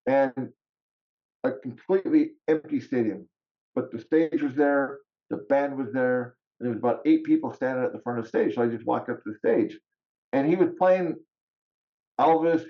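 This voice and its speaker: Podcast guest, man, animated storyteller, middle pitch, slightly muffled lo-fi sound. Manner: animated, laughs often, acts out quotes. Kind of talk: casual storytelling.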